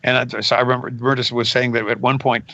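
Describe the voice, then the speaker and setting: An older man, a voice actor being interviewed, telling stories in a casual, animated way and dropping into character voices. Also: medium pitch, fast, dry recording, lo-fi sound. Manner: animated, jumps into character voices mid-story. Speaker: voice actor guest.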